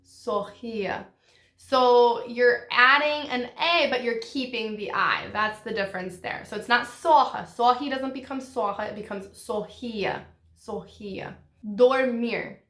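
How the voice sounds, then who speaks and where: Bright-voiced woman teaching slowly. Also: fairly high pitch, reverberant. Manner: slow, spells out and repeats words. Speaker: language teacher. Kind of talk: online language lesson.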